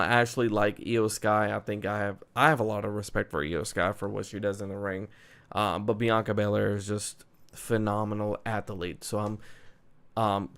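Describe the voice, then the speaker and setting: A man hosting a casual wrestling chat over an online call, excitable and loose, dropping "dude" and "man" as he talks. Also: on the low side. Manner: excitable, laughs often, fillers like "dude" and "man". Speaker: podcast host.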